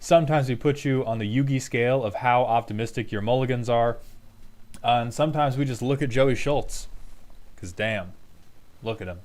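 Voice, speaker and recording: A man's voice: mid-range voice, moderate pace, a little mellow. A man hosting a casual livestream, sarcastic and profane, answering chat and mock-scolding viewers. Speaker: streamer host roasting viewer decks.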